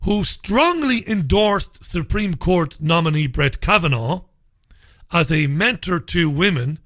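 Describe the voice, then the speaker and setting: A brash male talk radio host with a fairly high, bright, forceful voice. He answers listener messages in a sardonic, mocking way and swears freely. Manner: sardonic, sarcastic.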